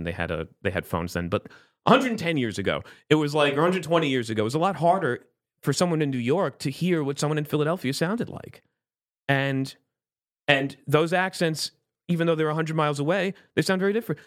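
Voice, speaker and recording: A man's voice: mid-range voice, lively intonation, fairly quick, no room sound, studio quality. A young man from Florida in casual chat, talking emphatically and ranting with rising indignation. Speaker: conversation partner.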